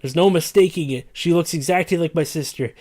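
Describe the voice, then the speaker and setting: A man's voice: on the high side, fairly quick, a little mellow. A man reading a comedic story aloud in a dramatic, stumbling way. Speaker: reader.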